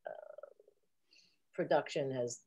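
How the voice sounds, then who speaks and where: A woman's voice: extremely low pitch, slow, darkish tone, slightly rough. A woman guest on a video call, talking casually in a rambling, jokey, theatrical way. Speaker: interview guest.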